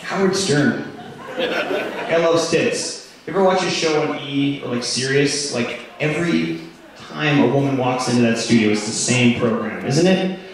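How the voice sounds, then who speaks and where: A man's voice: medium pitch, measured pace, recorded from a distance, a crowd in the background. A man doing a stand-up comedy routine, telling rambling stories full of "like" and "you know". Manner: rambling storytelling, lots of "like". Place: comedy club stage. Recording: echoey room, mic heard from afar.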